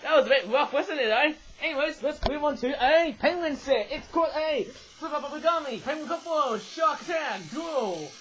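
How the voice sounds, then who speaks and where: A man's voice: very high voice, lively intonation, normal speed, few pauses, fairly bright tone, a little hiss or hum, low-quality recording. A man reviewing toys in a casual vlog, rambling and correcting himself, often tagging his sentences with "eh?". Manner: rambling, self-correcting, frequent tag "eh?". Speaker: toy reviewer.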